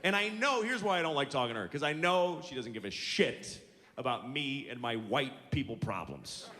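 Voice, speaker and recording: A man's voice: medium pitch, animated, normal speed, slight background noise. A male stand-up comedian doing a set on stage, profane, exasperated and mocking. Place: theater stage. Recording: big hall with a loud, laughing crowd.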